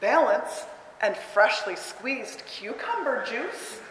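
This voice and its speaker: A woman voicing a calm, odd auntie dinosaur in a slow, dreamy storybook read, in a roomy hall. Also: on the high side, noisy background. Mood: serene. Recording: roomy hall with long echo.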